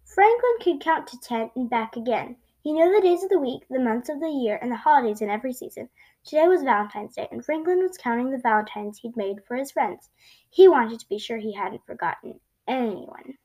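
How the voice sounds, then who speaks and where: A woman reading a children's storybook aloud in an expressive way, with small slips. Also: a little high, brisk, rough recording. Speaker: storybook reader.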